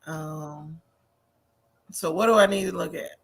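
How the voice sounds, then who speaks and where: A woman's voice: deep voice, measured pace, creaky, slight background noise. A woman hosting a casual gossip chat over a video call, chatty, easily amused and a little tipsy. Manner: chatty, easily amused, fumbles with screen sharing. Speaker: show host.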